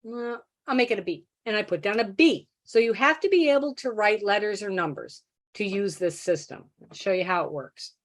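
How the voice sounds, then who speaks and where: A middle-aged woman, a teacher of deaf children, giving a workshop talk and telling a classroom story with animated acted-out quotes. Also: mid-range voice, normal speed.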